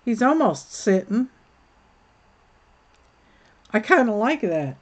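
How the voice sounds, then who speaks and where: A woman's voice: on the high side, very animated, slow pace. A woman hosting a crafting livestream, chatting casually and thinking aloud while she works, reading comments and laughing at them. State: hiccups.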